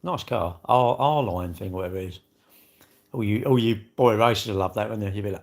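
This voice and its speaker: A man's voice: on the low side, fairly quick, gravelly. A man chatting on a casual livestream, rambling and joking about himself and greeting viewers. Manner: rambling, jokey and self-mocking, with asides to viewers. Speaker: livestream host. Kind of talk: casual live-stream chat.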